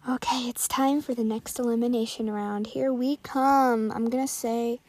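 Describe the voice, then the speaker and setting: Excitable female gamer calling out items. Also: on the high side. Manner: excitable, calls out items rapidly, drops to whispers. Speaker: gaming video creator. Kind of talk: live gameplay commentary.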